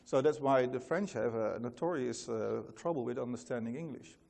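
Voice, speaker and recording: A man's voice: medium pitch, normal speed, vocal fry, darkish tone, long reverb tail. A man with a Dutch accent, a native Dutch speaker, giving a casual, chatty conference talk full of fillers. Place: large conference hall.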